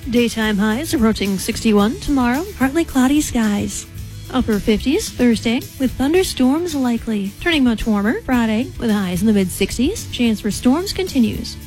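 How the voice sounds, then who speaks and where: Weather lady on radio, brisk and bright-voiced, faint music under her. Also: a little high, lively intonation, low-quality recording. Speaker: meteorologist. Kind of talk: scripted radio weather forecast.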